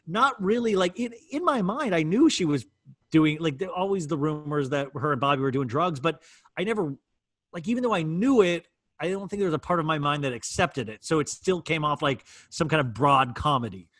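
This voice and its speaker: A man chatting as a podcast guest, rambling and animated, restarting his sentences as he tells stories. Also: on the high side, a little fast, dry recording, clean studio sound. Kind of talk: casual chat.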